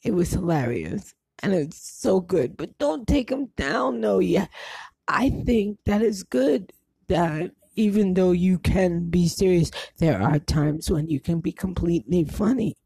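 A woman's voice: lowish voice, lively intonation, measured pace, vocal fry, warm tone, slightly rough, no echo. A woman leaving a chatty, familiar voice message for a podcast host. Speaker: caller. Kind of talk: recorded voice message.

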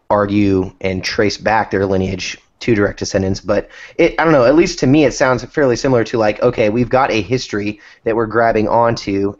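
A low-voiced man co-hosting a podcast, thinking out loud as he talks. His audio is dull and lo-fi, like it came over a remote call. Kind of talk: casual podcast conversation.

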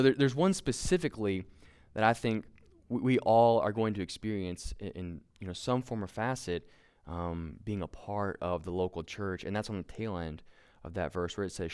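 A man's voice: fairly low pitch, moderate pace, darkish tone, smooth. A young man giving a casual sermon, conversational and self-deprecating, with lots of fillers and restarts. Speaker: preacher.

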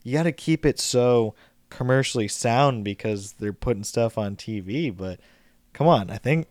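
A man's voice: medium pitch, animated, normal speed, a little mellow, dry recording. A man co-hosting a podcast, chatting casually and loosely about a movie with lots of fillers. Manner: loose, rambling, with frequent fillers. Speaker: podcast co-host.

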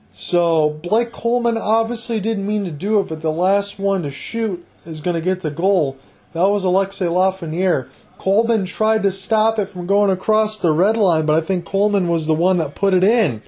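Husky, high-voiced man calling hockey. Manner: rapid running call that jumps high and loud on big plays. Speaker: play-by-play commentator. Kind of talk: solo hockey play-by-play commentary.

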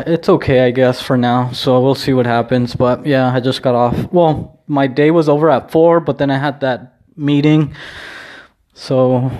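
A man's voice: mid-range voice, darkish tone. A man vlogging from home in a casual, rambling chat, full of restarts and easy swearing. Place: at home, indoors.

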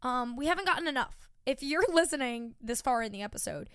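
A young woman co-hosting a podcast, in quick, swear-peppered casual banter. Her voice is smooth and clear and sits a little high. The recording is dry and close to the mic. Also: animated, a bit bright, no echo. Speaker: podcast co-host. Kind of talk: casual chat.

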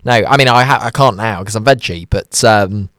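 A man's voice: lowish voice, moderate pace, a bit bright, no room sound. A man hosting a radio show, chatting casually, ranting and poking fun at himself. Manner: chatty, ranting and self-mocking.

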